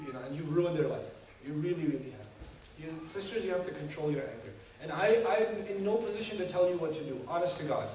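A high-voiced man preaches with animated energy, breaking into acted-out quotes and laughter. His voice rings around a large echoey hall, picked up from some distance, with a steady background hum. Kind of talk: sermon to a congregation.

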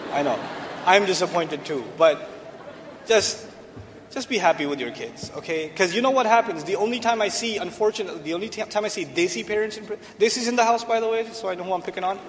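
A man's voice: sits high, quick pace, big-room sound, slight background noise. A man giving a humorous Islamic lecture from a stage to a live audience, asking rhetorical questions and joking. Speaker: Islamic speaker. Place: large hall, on stage.

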